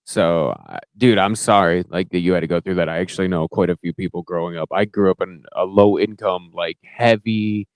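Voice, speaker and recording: A man's voice: low-pitched, steady tone, brisk, hardly any pauses, smooth, dry recording. A man from Michigan hosting a podcast, talking casually and with sympathy, calling his guest dude. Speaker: podcast host.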